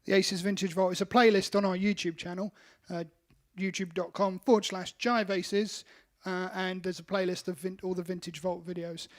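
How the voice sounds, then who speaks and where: A man's voice: high voice, flat delivery, normal speed. A man co-hosting his band's livestream, chatting casually, clarifying details and reading out viewer comments. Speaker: band member co-hosting. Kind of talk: casual chat.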